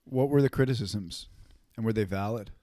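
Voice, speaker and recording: A man's voice: lowish voice, moderate pace, dark tone, no echo. A man interviewing an author, asking thoughtful, long and winding questions. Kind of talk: probing interview conversation.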